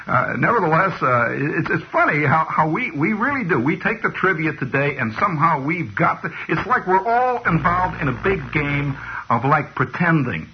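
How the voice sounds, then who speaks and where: A man's voice: fairly high pitch, very animated, normal speed, a little hiss or hum. Rambling man on old lo-fi radio. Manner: digressive, many restarts and "you know"s. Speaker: radio host. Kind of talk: rambling comic radio monologue. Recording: dull lo-fi old radio recording.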